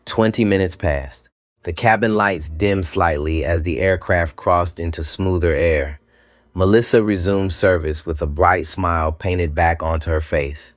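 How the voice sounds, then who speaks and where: A man narrating a dramatic scripted story, measured and slow, with deliberate pauses. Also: deep voice, no room sound, studio quality.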